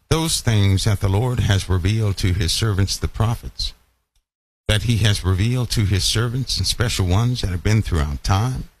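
A man preaching a Bible-study sermon who keeps asking his listeners questions and slows down to stress key lines. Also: on the low side. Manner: emphatic, asks the audience questions often.

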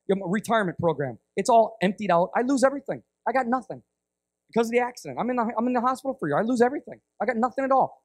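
A middle-aged man from the United States preaching a sermon, telling a story in an animated, rambling way that often breaks off and restarts. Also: sits high, no echo, studio quality. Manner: animated, rambling, self-interrupting. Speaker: guest preacher.

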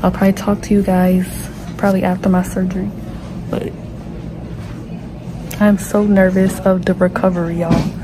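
A woman's voice: mid-range voice, little pitch movement, normal speed, long pauses, background noise. A young woman vlogging from a hospital bed before surgery, nervous and chatty, talking to viewers on her phone. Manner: nervous, chatty, says y'all. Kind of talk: casual phone vlog. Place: hospital pre-op room. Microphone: phone camera.

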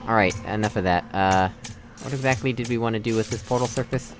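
A young man with a lowish voice talks his way through a puzzle game, thinking aloud. He is from Texas and pokes fun at his own mistakes. Game music plays clearly behind him. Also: fast. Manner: musing aloud, self-deprecating, chuckling. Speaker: gamer playing a puzzle game. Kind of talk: casual let's-play commentary.

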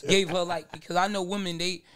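A man's voice: high-pitched, little pitch movement, brisk, fairly bright tone, clean tone. A man in a casual group chat, blunt and chiming in to agree. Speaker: podcast guest.

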